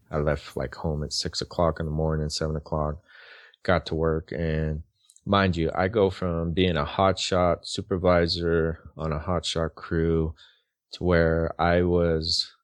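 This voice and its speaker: A man in his forties speaks as a podcast guest, recounting his own story with earnest, halting phrasing and frequent restarts. His voice sits very low. The sound is close and dry, with no room around it. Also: no echo. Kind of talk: personal story in a podcast interview.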